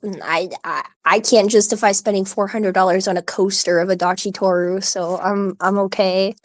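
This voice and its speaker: A woman's voice: mid-range voice, steady tone, normal speed, no room sound. A woman hosting a live audio stream, chatting casually in a rambling, giggly way full of "like" and restarts, with hiccups. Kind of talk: casual chat.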